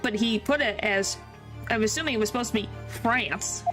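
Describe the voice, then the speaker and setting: A woman's voice: a little high, normal speed. Giggly woman streaming a game. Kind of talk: casual gameplay commentary. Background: game music.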